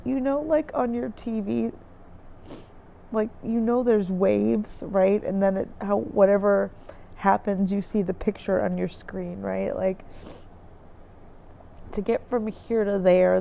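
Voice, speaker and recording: A woman vlogger with a mid-range, warm voice and vocal fry speaks slowly and steadily, recapping her experience diary-style. She rambles and searches for words with many fillers, sitting in a dim room by a window with trees outside. The recording has cut-off highs and a little hiss or hum.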